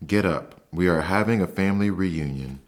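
A carefree, happy mother mouse, read by a man with a low voice. She speaks gently and cheerfully in a slow storybook telling. The voice stays calm and soft. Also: close to an everyday voice.

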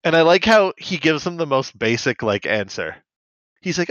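A man's voice: fairly high pitch, sing-song, normal speed, fairly bright tone, no room sound. A man hosting a casual podcast recap of a cartoon, rambling and often laughing. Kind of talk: casual chat. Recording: dull lo-fi.

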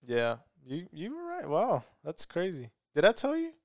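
A man's voice: high voice, huge pitch swings, moderate pace, dry recording, clean studio sound. An easygoing man from Mexico chatting casually and laughing often. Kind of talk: casual chat.

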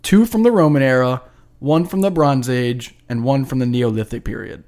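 A man's voice: mid-range voice, moderate pace, a little mellow. A man co-hosting a podcast, explaining science in a casual chat, joking, laughing often and swearing casually. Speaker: podcast co-host.

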